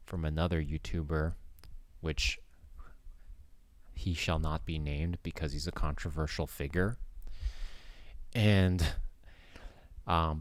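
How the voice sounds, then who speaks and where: A man's voice: extremely low pitch, dry recording. A man vlogger talking in a casual, rambling monologue with many hesitations.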